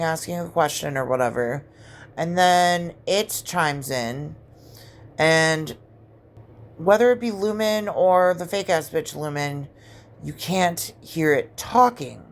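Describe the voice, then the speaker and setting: A woman with a low-pitched voice tells a story to her viewers in a loose, unscripted way. She talks bluntly and swears often, and she acts out what each person in her story said. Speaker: vlogger. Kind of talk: casual storytelling vlog.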